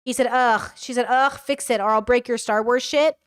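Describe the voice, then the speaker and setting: A woman talks through a reaction stream in casual commentary. She reads messages aloud and reacts with blunt remarks. Her voice sits a little high, smooth and clear on a close, dry mic. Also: fairly even intonation, moderate pace, no echo.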